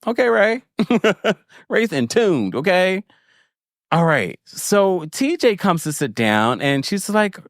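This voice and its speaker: A man's voice: high-pitched, slow, dry recording, clean studio sound. A man hosting a podcast, recapping reality TV in a casual, playful and frank way, with the tone of a big brother to his listeners. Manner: animated and playful, with frequent laughs and asides. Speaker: podcast host.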